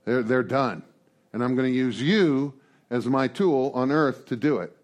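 A man's voice: medium pitch, measured pace, close to an everyday voice. A man voicing a stern male God giving blunt orders in a retold story. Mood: commanding. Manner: blunt, matter-of-fact.

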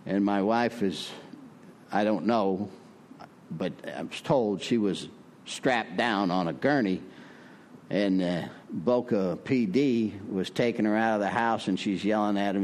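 An older man tells his recovery story in a folksy, rambling way, full of fillers and restarts. His voice climbs higher whenever he turns to preaching. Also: measured pace, a little mellow, a little hiss or hum. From Prescott, Arizona. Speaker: recovery speaker. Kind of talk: recovery meeting share.

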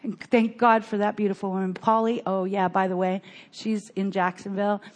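An older woman telling her personal recovery story in an earnest, halting way, often restarting her sentences. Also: medium pitch, flat delivery.

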